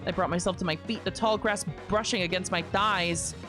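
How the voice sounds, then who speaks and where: A young woman reads a visual novel aloud on a stream, breaking off for wry asides. Her voice sits a little low and stays expressive. Soft music plays faintly behind her. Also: moderate pace.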